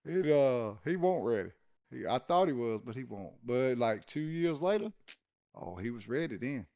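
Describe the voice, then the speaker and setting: A man's voice: mid-range voice, big pitch swings, normal speed, lo-fi sound. A man telling stories in a casual chat, laughing often. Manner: folksy storyteller, laughs often. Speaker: podcast host.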